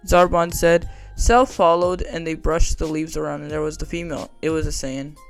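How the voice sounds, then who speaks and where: A man's voice: a little high, fairly even intonation, normal speed, clean tone, soft background music. A man narrating a fan audiobook drama in a casual, conversational way.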